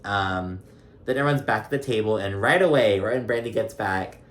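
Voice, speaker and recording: A man casually recapping a reality show episode, chatty and gossipy, laughing often and filling pauses with ums. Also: fairly low pitch. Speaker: recap vlogger. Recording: roomy echo.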